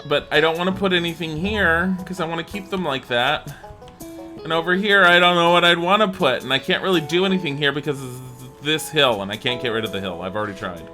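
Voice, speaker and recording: A man's voice: on the high side, a little fast, music in the background. A man streaming a building game live, chatting and thinking aloud to viewers and laughing often. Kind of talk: live-streamed gameplay chat.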